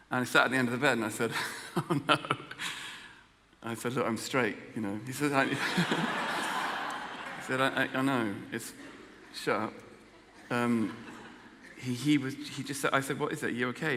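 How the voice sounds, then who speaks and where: An Englishman giving a personal testimony talk, telling a story with self-deprecating humor and halting restarts. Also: mid-range voice, sharp tone, in a large hall. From England. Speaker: guest speaker.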